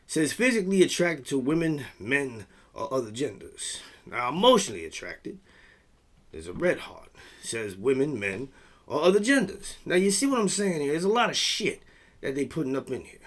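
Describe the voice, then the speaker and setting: With a medium-pitched, fairly bright voice and big pitch swings at normal speed, a man hosts a vlog. He alternates reading text aloud with blunt rants loaded with swearing, a profane commentary monologue.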